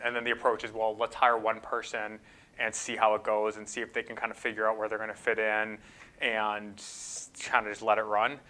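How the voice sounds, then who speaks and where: Bright-voiced man answering questions. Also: on the low side. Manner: thoughtful, hedging with fillers and restarts. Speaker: guest speaker. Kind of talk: conference Q&A answers.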